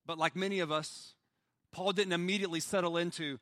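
Male pastor, sermon, earnest, loud to hushed swings, slightly high voice, dry close sound. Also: steady tone, fairly quick, dry recording.

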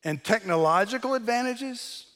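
A man's voice: very high-pitched, lively intonation, normal speed, a bit bright. An older man giving a sermon-style message, earnest and blunt, with touches of dry sarcasm. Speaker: speaker delivering a message.

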